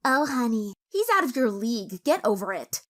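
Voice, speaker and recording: A woman's voice: fairly high pitch, big pitch swings, moderate pace, a bit bright. A woman voicing a scheming young female rival who talks in a smug, teasing way.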